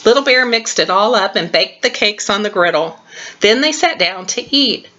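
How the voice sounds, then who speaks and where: Bright-voiced older woman reading a storybook. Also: medium pitch, animated, normal speed, muffled recording, slight background noise. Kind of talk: reading a children's storybook aloud. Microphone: webcam.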